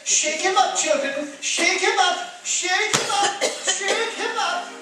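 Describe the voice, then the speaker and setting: A woman's voice: very high-pitched, takes it slowly, sharp tone, far from the mic, full character voice. A woman doing a growly little bear with a lilt. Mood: gleeful. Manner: growly, blustering. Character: small gruff male cinnamon bear. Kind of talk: 1930s radio drama. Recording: echoey old radio recording from afar.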